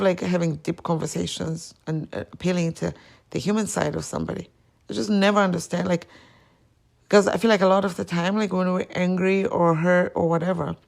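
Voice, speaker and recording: A woman with a strongly gravelly, creaky voice speaks openly and with feeling as she hosts her own podcast. Her delivery is a personal confessional monologue, and she acts out bits of old arguments as she goes. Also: lowish voice. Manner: emotional, candid, quoting past arguments. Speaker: podcast host.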